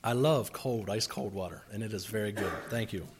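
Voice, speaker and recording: A man delivers a sermon, mimicking grumbling voices and posing rhetorical questions as he swings between quiet asides and loud outbursts. His voice is lowish and a little fast, with slight background noise.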